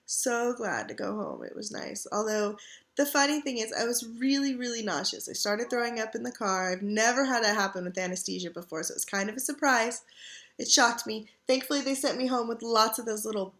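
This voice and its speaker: A middle-aged vlogger chats from her home couch as she recovers from surgery, sounding sore and tired and filling her rambling with lots of fillers. She speaks a little fast, with a fairly high, slightly bright voice.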